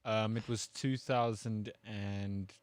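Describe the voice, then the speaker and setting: A man's voice: on the low side, steady tone, slow pace, no echo. A young man co-hosting a sports talk show, chatty and teasing in casual banter. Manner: chatty, teasing, laughs along. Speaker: co-host. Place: radio studio.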